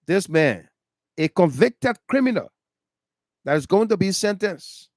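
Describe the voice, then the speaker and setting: Man, radio host, mocking monologue, high-pitched, dry sound. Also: animated, slow, no echo. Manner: mocking, laughing, repeats his questions. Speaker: radio talk show host. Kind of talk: political monologue.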